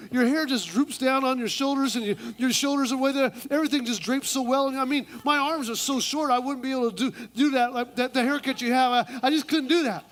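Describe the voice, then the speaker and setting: A man's voice: very high-pitched, fairly bright tone, voice pushed up. A man mimicking two gushing women trading compliments about hair, in a squealing voice, during a humorous sermon.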